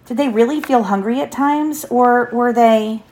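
A woman's voice: a little high, a little slow. Mother reading a storybook aloud. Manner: lively, raising her voice for the children's lines. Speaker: parent reading aloud to her child.

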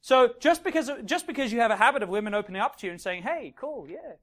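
A man coaching a live audience as a dating coach. He talks in an animated way, acts out little scenes and keeps checking in with "right?" and "okay?". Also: high voice, rapid-fire. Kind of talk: live seminar talk to an audience.

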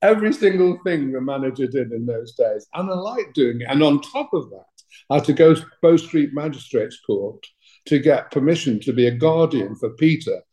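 Older man, English accent, mellow tone, blunt storyteller, music manager guest. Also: medium pitch, animated, normal speed, low-quality recording. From England. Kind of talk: interview anecdotes.

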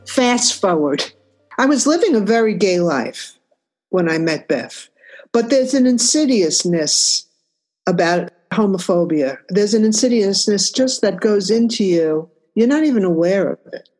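A woman's voice: mid-range voice, lively intonation, measured pace, a little mellow, faint music behind. Reflective older woman telling her story. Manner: reflective, conversational, frequent "you know". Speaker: interviewee. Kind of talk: personal storytelling.

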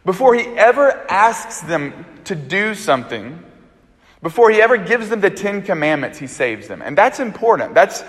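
A man's voice: sits high, normal speed. A man from Alabama preaching a sermon, telling a personal story in a loose, conversational way. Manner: conversational storytelling, animated and chatty. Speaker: pastor. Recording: echoey hall.

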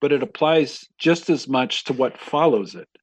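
Pastor guy talking scripture slow and thoughtful, kinda husky, dry close sound. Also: medium pitch, no echo. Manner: reflective, measured, with frequent ums. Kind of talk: conversational Bible discussion.

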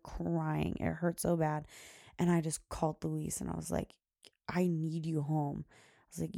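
Gravelly low-voiced woman telling a story. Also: dark tone, dry recording, studio quality. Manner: rambling, many "like" fillers, quotes herself. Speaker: podcast host. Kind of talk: casual storytelling monologue.

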